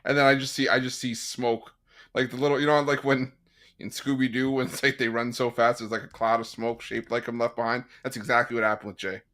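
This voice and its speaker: A man co-hosting a live sports betting show, telling stories in an animated, playful way. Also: medium pitch, brisk. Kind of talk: casual live-stream chat.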